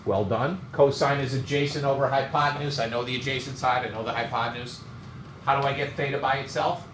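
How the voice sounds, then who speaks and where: A man's voice: medium pitch, steady tone, brisk, a bit bright. A man teaching a math class, joking and teasing his students as he works through problems. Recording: echoey classroom, some noise.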